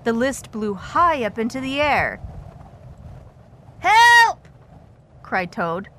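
A woman reading a children's storybook aloud in a slow, expressive way. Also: fairly high pitch, a little hiss or hum.

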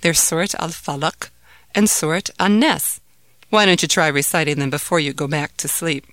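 Woman voicing father, calm, teasing, reassuring, lowish voice, storybook. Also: moderate pace, no echo. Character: warm, playful father comforting his son.

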